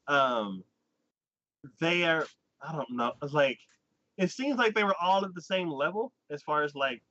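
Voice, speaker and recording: A man's voice: a little high, pushed and bright. A man hosting an anime talk show, chatting casually and rambling through a plot recap with lots of "like" and restarts. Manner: rambling, heavy use of "like", quick restarts. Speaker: anime podcast host. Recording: dull, lo-fi sound.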